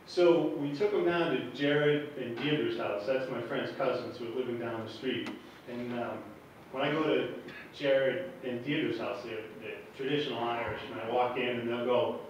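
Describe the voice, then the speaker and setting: A man in his forties telling a personal story on stage, halting and nervous, chuckling between lines. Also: medium pitch, highs cut off. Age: 40s. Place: hall with a live audience. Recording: echoey room, distant mic, background noise.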